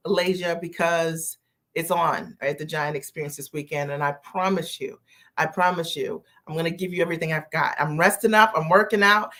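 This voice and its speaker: A woman's voice: lowish voice, fairly bright tone. Enthusiastic woman coaching on a live stream. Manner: enthusiastic, greets viewers by name; repeats key phrases slowly for emphasis.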